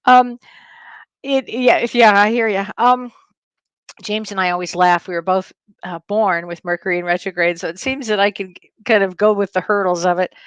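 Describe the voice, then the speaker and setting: A woman hosting a casual livestream from home, greeting viewers in a bubbly, effusive way and laughing often. Her voice sits at an ordinary middle pitch. The sound is dry and close, with no room echo. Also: steady tone, normal speed, clean tone. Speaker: host and spiritual medium.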